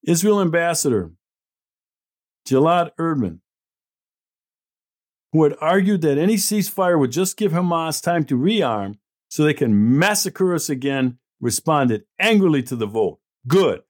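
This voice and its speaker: Reading out news and answering it sarcastically, bluntly and indignantly, a middle-aged man hosts his opinion show. He speaks at a measured pace in a fairly high voice with big swings in pitch.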